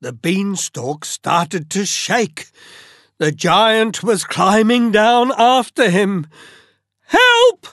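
A storyteller reading a children's tale aloud, slow and expressive with dramatic pauses. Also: medium pitch, dry recording, studio quality.

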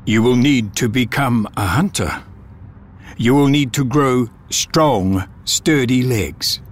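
A man's voice: medium pitch, slow, pitched above the performer's own voice. A man voicing an earnest male sky god in a storybook, asking a favour in a raised, pleading tone. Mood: solemn.

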